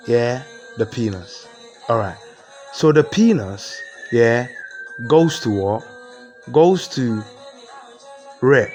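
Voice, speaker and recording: Slow mock-professorial Ghanaian man. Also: medium pitch, a little mellow. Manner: mock-professorial, drawn-out explanations, rhetorical questions. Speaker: comedian. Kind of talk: mock lecture, comic.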